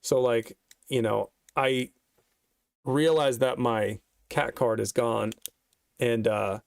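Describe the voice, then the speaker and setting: A man's voice: mid-range voice, fairly even intonation, slow pace, vocal fry, no room sound, clean studio sound. Laid-back, rambling young man telling a story. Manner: rambling, profane, laid-back with many fillers. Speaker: vlogger. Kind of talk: casual storytelling.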